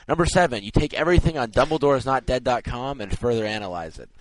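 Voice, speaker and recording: A man's voice: mid-range voice, fast, no room sound, low-quality recording. A young man co-hosting a podcast, reading a comic top ten list and laughing through his lines. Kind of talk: jokey podcast banter. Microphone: internet call.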